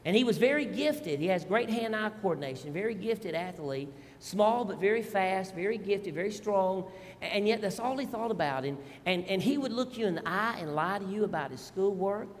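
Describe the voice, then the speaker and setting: A middle-aged male pastor, telling family stories in an animated, folksy sermon with asides to the congregation. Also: high voice, normal speed, in a large hall. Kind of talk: storytelling sermon.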